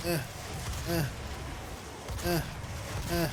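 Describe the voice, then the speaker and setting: A man with a slightly high voice rambles through a live game stream, cracking jokes and talking to the enemies on screen. His voice is recorded at a home streaming setup, and noise runs clearly under it. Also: completely flat delivery, extremely slow. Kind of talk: live gameplay commentary.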